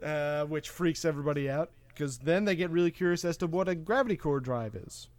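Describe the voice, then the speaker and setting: A man's voice: on the high side, brisk. A man hosting a podcast, recapping a film in a rambling, casual way with lots of fillers and asides. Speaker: podcast host. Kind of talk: casual movie recap chat.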